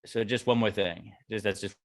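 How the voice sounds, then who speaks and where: A man's voice: on the low side, normal speed, vocal fry, dry recording, studio quality. Rambling, self-mocking man in his thirties. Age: 30s. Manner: rambling, self-mocking storytelling, swears freely. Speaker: podcast co-host. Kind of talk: casual chat.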